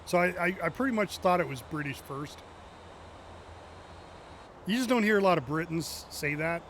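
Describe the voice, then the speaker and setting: A man with a fairly high voice rambles through casual chat while he plays a driving game. He jokes, laughs often, and throws asides to his viewers. A faint hiss sits under his voice. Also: lively intonation, moderate pace, fairly bright tone. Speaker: game streamer.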